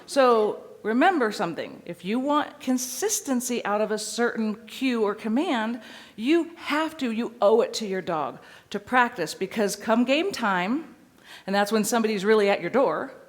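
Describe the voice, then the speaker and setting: A woman dog trainer teaching a seminar audience in a lively, playful way, sometimes acting out a dog's voice. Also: on the high side, normal speed.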